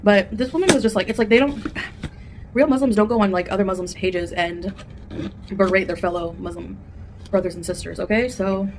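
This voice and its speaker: A woman's voice: mid-range voice, brisk, noisy background. A woman vlogger chatting candidly at home while eating, rambling from one thought to the next in a casual mukbang. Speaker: food vlogger.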